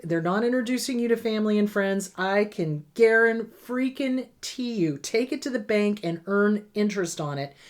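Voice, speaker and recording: A middle-aged woman therapist answering viewer questions live. She talks bluntly and with strong emphasis, hammering her points home. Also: mid-range voice. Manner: emphatic, blunt, acts out abusers in mocking voices. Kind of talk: live Q&A advice talk.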